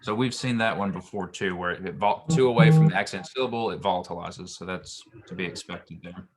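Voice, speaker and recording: Low-voiced man teaching Hebrew grammar. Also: a little fast, faint music behind. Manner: relaxed, explanatory, many ums and restarts. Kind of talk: online grammar lesson.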